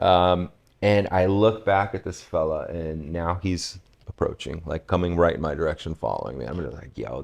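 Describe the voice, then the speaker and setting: A man from West Virginia, a podcast guest, telling a relaxed, reflective story and laughing at himself. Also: low voice. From West Virginia, USA. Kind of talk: casual storytelling conversation.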